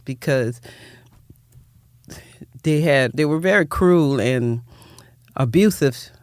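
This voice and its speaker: A woman's voice: very deep voice, animated, takes it slowly, a little mellow, no room sound, clean studio sound. An older woman, recounting her life as a guest in an interview in a heartfelt, rambling way that repeats words. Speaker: guest, nonprofit founder. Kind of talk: personal storytelling in interview.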